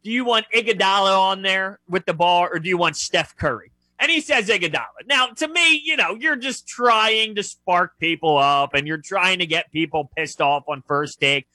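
A man's voice: sits high, no room sound. A man co-hosting a sports radio show, talking casually and arguing his points with energy. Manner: animated, argumentative, quick to jump in.

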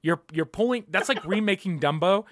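A man's voice: high voice, brisk, no room sound, clean studio sound. A young man hosting a podcast, ranting casually and emphatically, swearing often and repeating his points. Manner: profane, emphatic, repeats himself.

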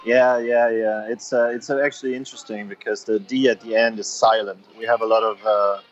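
A man's voice: lowish voice, fairly quick, dull audio. A man from Denmark with a Danish accent, chatting easily as a guest in a casual remote interview while on holiday by the sea. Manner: relaxed, chatty, laughs easily. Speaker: guest, longtime fan. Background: faint background music.

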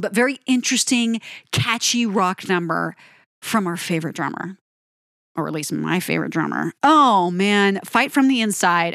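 A woman's voice: mid-range voice, fairly bright tone, no echo, clean studio sound. A woman talking through a rock song she loves, gushing about the playing and speaking directly to her viewers. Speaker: music reviewer. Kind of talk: enthusiastic song breakdown.

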